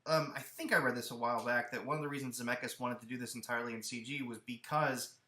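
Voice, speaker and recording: A man co-hosting a casual movie podcast, talking with animated energy and often restarting his sentences. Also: medium pitch, fast talker, roomy sound. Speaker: podcast co-host. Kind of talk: casual chat about movies. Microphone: headphones and studio mic.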